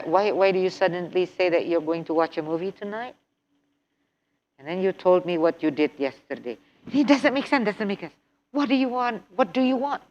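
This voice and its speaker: A woman teaches an English workshop at an unhurried, measured pace, pausing on each point. She drives her ideas home with rhetorical questions and repetition, and she acts out example phrases with exaggerated intonation. The recording is slightly muffled, with a dull lo-fi quality. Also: on the low side. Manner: animated, repeats and stresses key points with rhetorical questions. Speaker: English test-prep instructor. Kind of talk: workshop lecture.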